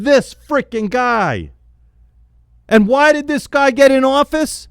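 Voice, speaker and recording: A man angrily venting in a spoken rant, yelling, repeating himself and stumbling over his words in frustration. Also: very high voice, expressive, a little slow, gravelly, no room sound. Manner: repeats phrases for emphasis. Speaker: political vlogger.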